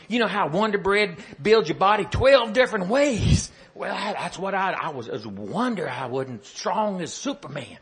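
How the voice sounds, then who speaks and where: Husky, playful male storyteller. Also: a little high, a bit bright. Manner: playful, chatty, asks the listener questions. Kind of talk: folksy storytelling.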